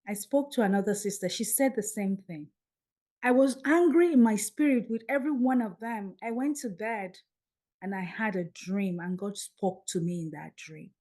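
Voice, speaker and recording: A middle-aged woman recounts a personal story as a podcast guest. She tells it in an animated way, acting out the voices of the people in it. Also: medium pitch, moderate pace. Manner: animated, acts out dialogue. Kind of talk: storytelling in an interview.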